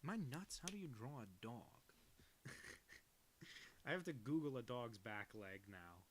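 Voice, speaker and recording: Cartoonist on a live stream, casual rambling talk, self-deprecating, laughs easily. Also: male voice, mid-range voice, expressive, unhurried, a little hiss or hum. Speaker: cartoonist streaming his work. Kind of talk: casual live-stream chat while drawing.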